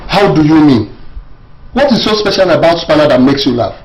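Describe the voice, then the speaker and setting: A man's voice: on the high side, animated, brisk, close to an everyday voice, rough recording. An actor playing a jealous, scheming male lover who gives orders and will not share his woman. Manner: domineering, commanding. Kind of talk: Nollywood film acting.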